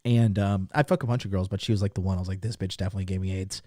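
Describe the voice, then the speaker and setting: A man hosting a livestream, telling a crude story to his chat in a casual, animated way, swearing freely. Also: deep voice, racing, dry recording, studio quality. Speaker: livestream host. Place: lived abroad in Japan.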